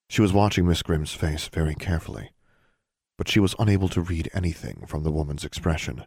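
Brief: low-pitched male narrator, even delivery, dry booth sound. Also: brisk, gravelly, slightly rough, no echo. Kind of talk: audiobook narration.

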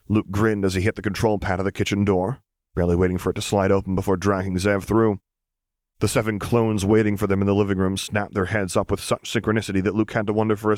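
A man narrating a fan fiction audiobook in a steady, even reading. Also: lowish voice, no room sound, clean studio sound.

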